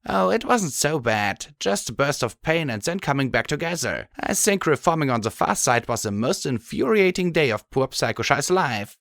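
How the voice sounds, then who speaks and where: A man voicing a cheerful female pony soldier who talks about pain with dark amusement. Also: a little high, sing-song, normal speed, gravelly, hardly any pauses, dry recording, clean studio sound, pitched above the performer's own voice, full character voice. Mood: amused.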